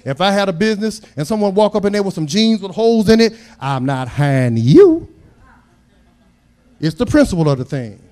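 A middle-aged pastor with a high, slightly mellow voice preaches a very animated sermon at a moderate pace. He tells homey, humorous family stories and builds up to emphatic, raised points.

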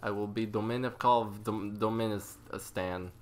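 A man playing a gloomy old Russian man obsessed with vodka, in a put-on Russian accent, talking slow and heavy with broken grammar. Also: lowish voice, steady tone, darkish tone, close to an everyday voice. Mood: gloomy, boastful. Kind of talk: comic impression in game commentary.

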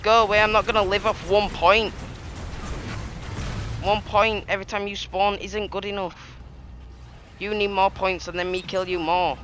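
Male gamer, excitable trash talker, high bright voice. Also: moderate pace, pauses often, soft background music. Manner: excitable, trash-talking, laughs often. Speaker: gaming YouTuber. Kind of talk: live gameplay commentary.

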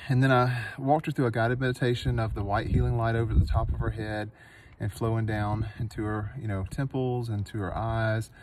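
A man's voice: fairly low pitch, noisy background. Earnest man telling a trail story outdoors. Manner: earnest, animated storytelling that turns soft and slow when guiding meditation. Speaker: nurse and meditation teacher. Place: outdoors in a dry canyon.

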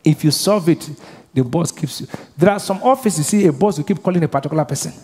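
A man's voice: a little high, fast talker, a little mellow, husky. A male pastor preaching a sermon, drawing the congregation into call-and-response by leaving his sentences open for them to finish. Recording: long reverb of a church hall.

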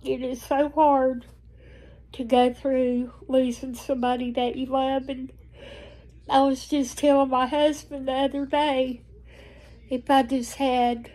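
A woman's voice: high-pitched, level tone, slow, warm tone. An older woman with a Southern American accent, chatting tenderly and homely to her viewers in a casual vlog. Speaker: vlogger. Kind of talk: casual chat to camera.

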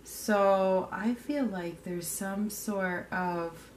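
A woman's voice: medium pitch, very slow, a little mellow, slight background noise. Blunt, emphatic woman reading tarot. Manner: blunt, emphatic, repeats points with "okay?"; swears casually. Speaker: tarot reader. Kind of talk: casual tarot card reading.

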